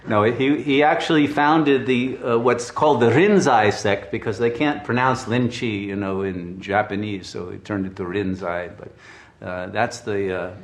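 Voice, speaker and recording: A man giving a spiritual talk, telling a story in an animated, chuckling way with frequent restarts. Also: fairly low pitch, unhurried, few pauses, reverberant, a little hiss or hum. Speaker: spiritual teacher.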